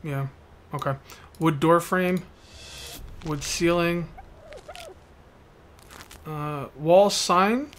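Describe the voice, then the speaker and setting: A man with a slightly higher voice, chatting as a co-player in a multiplayer game. He is curious and keeps asking how things work, with faint noise behind him. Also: very slow, long pauses, a bit bright. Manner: curious, asks lots of questions. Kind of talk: casual gameplay chat.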